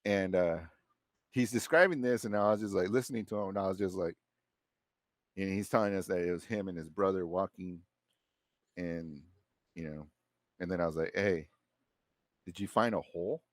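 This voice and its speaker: Male podcast guest, deep voice, laid-back storyteller who rambles with slang. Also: moderate pace, long pauses, no echo, studio quality. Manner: loose and rambling, heavy slang and swearing. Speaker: podcast guest, former Marine. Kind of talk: casual storytelling.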